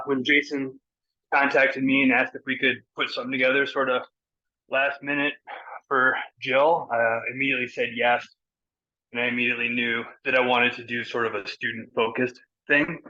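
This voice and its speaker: A man's voice: mid-range voice, pushed and bright. A man organizing an event, giving an upbeat, chatty update on a video call while a little out of breath. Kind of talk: casual meeting update. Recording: dull lo-fi call audio.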